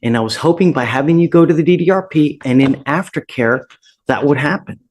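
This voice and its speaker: Judge, stern, courtroom bench, rattles off charge lists, mid-pitched voice. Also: a little fast, darkish tone.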